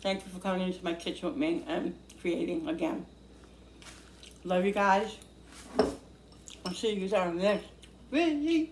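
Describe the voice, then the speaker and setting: A woman's voice: fairly low pitch, moderate pace, long pauses, noisy background. Gushing woman cooking vlogger, echoey kitchen. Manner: gushing, excitable, talks while eating. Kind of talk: casual cooking vlog. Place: home kitchen.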